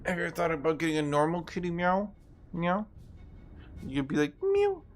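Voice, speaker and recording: A man's voice: on the high side, fairly even intonation, racing, a little hiss or hum. A man giving casual gameplay commentary as a streamer, rambling and chatting to his cat between remarks. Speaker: gaming streamer.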